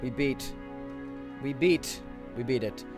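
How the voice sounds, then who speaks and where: Guy streaming an rpg, chatty and joking about himself, mid voice, quiet music behind. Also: mid-range voice, slow. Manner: chatty, self-deprecating, talks to viewers. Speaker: game streamer. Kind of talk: casual game stream chat.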